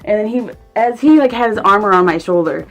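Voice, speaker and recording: A woman's voice: mid-range voice, animated, brisk, soft background music. A young woman vlogger telling a casual story. She rambles and swears freely, and fills her sentences with "like".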